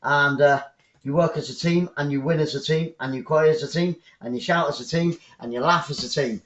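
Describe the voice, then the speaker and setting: A man's voice: fairly high pitch, fairly even intonation, brisk, a bit bright. An English man giving chatty live football commentary for an online stream, repeating his phrases and rambling into asides. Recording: roomy, dull lo-fi sound.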